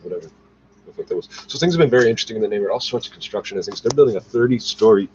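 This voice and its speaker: Talking to his camera in a rapid-fire, expressive, lowish voice, this Canadian vlogger rambles angrily and swears throughout. The device's built-in mic captures it as dull lo-fi sound with a faint hiss.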